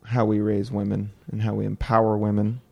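A man's voice: lowish voice, completely flat delivery, brisk, creaky, dark tone, lo-fi sound. A man hosting a podcast, talking casually and rambling, with lots of fillers and quoted asides. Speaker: podcast host. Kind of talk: casual conversation.

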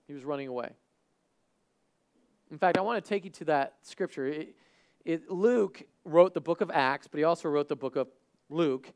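A man preaching a sermon, who acts out the people in the story and swings from loud and excited to hushed and earnest. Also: fairly high pitch. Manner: talks to a live congregation, asks them questions. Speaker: pastor.

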